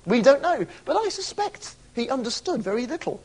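A man's voice: very high-pitched, sing-song, moderate pace, few pauses, a little mellow. A man preaching a sermon, emphatic, asking rhetorical questions and stretching key words for weight.

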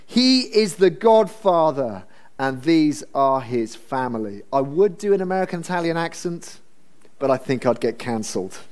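A man's voice: a little high, very animated, normal speed, darkish tone. A man preaching a Bible sermon in a conversational, humorous storytelling manner. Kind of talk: expository sermon.

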